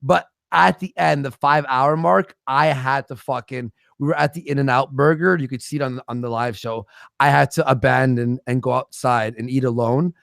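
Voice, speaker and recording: Creaky, profane man telling stories. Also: mid-range voice, fairly even intonation, normal speed, fairly bright tone, no room sound, studio quality. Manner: profane, rambling storyteller. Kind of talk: casual livestream chat.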